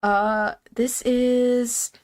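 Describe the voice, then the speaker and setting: A woman's voice: fairly high pitch, flat delivery, drawn-out words, clean tone. Rambling, playful woman streamer. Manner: rambling, playful, says "like" and "dude" often. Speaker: live streamer. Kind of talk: casual live-stream chat.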